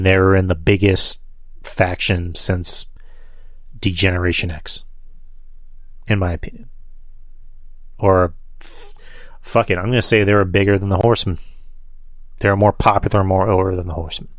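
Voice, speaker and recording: A man's voice: deep voice, fairly even intonation, normal speed, long pauses, a bit bright, no echo. A man hosting a wrestling podcast, reviewing matches in a loose, rambling way and swearing freely. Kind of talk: casual solo show review.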